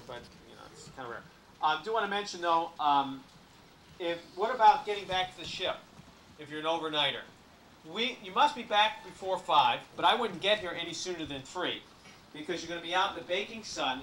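A man runs a cruise briefing as a comedy routine, slipping deadpan jokes between the rules. His voice is high and bright. It was caught from a distance on a camcorder in an echoey room. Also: slight background noise. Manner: jokey deadpan patter with asides. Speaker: cruise ship entertainer giving a briefing. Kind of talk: comic cruise briefing to an audience. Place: ship lounge.

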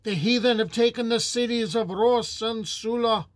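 A man's voice: very high-pitched, fairly even intonation, normal speed, no room sound. A grieving old prince, read by a man. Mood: grave lament. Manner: solemn, archaic speech. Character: aged grieving prince, stern and sorrowful.

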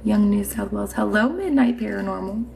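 A woman's voice: mid-range voice, brisk, gravelly, darkish tone, slight background noise. A woman from Indiana hosting a live stream from her home on a phone, chatty and giggly, swearing freely and a little drunk. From Indiana, USA. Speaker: livestream host. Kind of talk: casual live-stream chat reading comments. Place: home room with mounted trophies.

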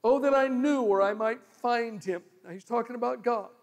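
A male pastor preaching a sermon, telling stories and shifting from loud pleading to low murmurs. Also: normal speed. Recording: long hall reverb.

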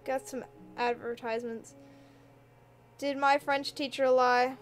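Young woman, high voice, casual stream chat, giggly, keyboard clacking. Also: slow pace, faint music behind. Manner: giggly, excitable, talks to chat. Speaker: game streamer.

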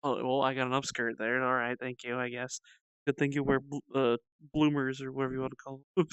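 A streamer giving casual, giggly commentary while playing a game, laughing often, swearing casually and letting out sudden excited squeals. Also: medium pitch, normal speed, clean tone, dry recording, clean studio sound.

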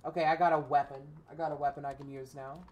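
A woman's voice: sits low, flat delivery, fast, a little mellow, a little hiss or hum. A young woman streamer giving casual gameplay commentary, ranting profanely and frustrated at the game. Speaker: gaming streamer.

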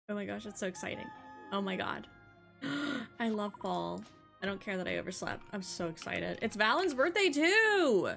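A young woman hosting a casual let's-play, chatting excitedly and gushing as she plays. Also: medium pitch, moderate pace, creaky. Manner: bubbly, excitable, gasps and gushes often. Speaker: gaming channel host. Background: faint game music.

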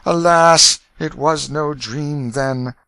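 High bossy boy prince yelling for his servants, man doing the voice, bright tone. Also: expressive, measured pace, gravelly, dry recording, full character voice. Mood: dismayed. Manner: commanding, archaic speech, calling out. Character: frantic young boy prince, imperious.

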